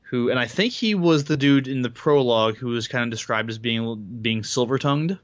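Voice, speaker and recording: A laid-back man co-hosts a casual podcast about books, rambling and laughing often in a mid-range voice at normal speed. The recording has no echo but sounds lo-fi.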